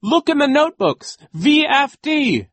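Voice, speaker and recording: A man's voice: high-pitched, sing-song, brisk, husky, no echo, pitched above the performer's own voice, full character voice. A desperate young boy, put on by a male narrator, urgently pleading in a voice raised well above the narration. The sound is dry and close-miked.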